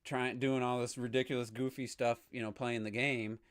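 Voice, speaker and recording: A man's voice: medium pitch, level tone, normal speed, crowd noise. Chatty man on a podcast. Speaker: podcast co-host. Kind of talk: casual chat.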